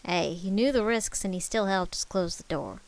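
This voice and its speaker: A woman's voice: mid-range voice, normal speed, gravelly, close to an everyday voice. A woman voicing a blunt adult male survivor who argues with scorn, in a put-on mix of Southern and New York speech. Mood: scornful.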